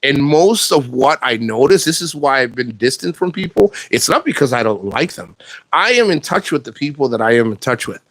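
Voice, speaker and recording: A man's voice: medium pitch, expressive, moderate pace, fairly bright tone, no echo. Blunt, swearing man with a dry sound. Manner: blunt and profane, rambling with restarts. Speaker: vlogger. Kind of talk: casual monologue to camera.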